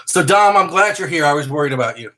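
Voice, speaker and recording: A man's voice: on the high side, lively intonation, quick pace, pushed and bright, low-quality recording. An American man hosting a podcast, chatting casually and joking, often laughing. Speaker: podcast host. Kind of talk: casual chat.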